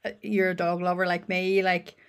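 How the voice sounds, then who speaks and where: A woman talking reflectively and gently in a casual podcast conversation. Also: lowish voice, little pitch movement, normal speed, smooth. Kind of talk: casual chat.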